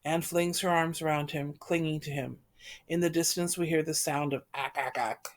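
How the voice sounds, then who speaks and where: Brief: woman reader, stage directions, even and measured delivery. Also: low voice. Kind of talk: reading stage directions of a play.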